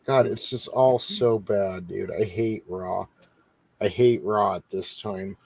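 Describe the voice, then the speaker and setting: A man's voice: on the low side, fairly even intonation, slow pace, gravelly, a little mellow, no echo. A man hosting a podcast, wry and grumbling in casual chat as he reviews old shows. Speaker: podcast host.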